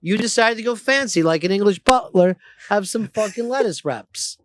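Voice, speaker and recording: Brief: high-voiced male radio host, blunt and teasing, dry studio sound. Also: expressive, moderate pace, no echo. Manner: blunt, mocking, acts out quotes loudly. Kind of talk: profane radio banter.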